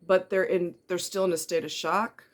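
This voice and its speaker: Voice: mid-range voice, level tone, normal speed. A middle-aged person speaking candidly to camera in an earnest, blunt way, with pointed rhetorical questions.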